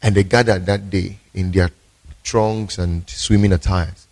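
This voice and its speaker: A man's voice: deep voice, fairly even intonation, measured pace, a little mellow. A male pastor, preaching emphatically and telling stories in a sermon.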